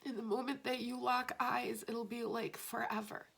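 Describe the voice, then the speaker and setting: Creaky-voiced woman giving a tarot reading. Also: on the high side, little pitch movement, a little slow, a little hiss or hum. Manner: gently rambling, emotional, at times tearful and laughing. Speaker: tarot card reader. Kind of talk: spiritual tarot reading to camera.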